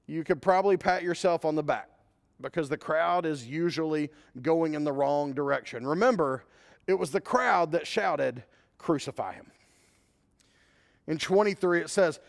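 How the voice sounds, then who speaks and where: A man's voice: a little high, normal speed, creaky. A man preaching a conversational sermon as a pastor, mixing scripture with a personal story. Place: church sanctuary. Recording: long hall reverb.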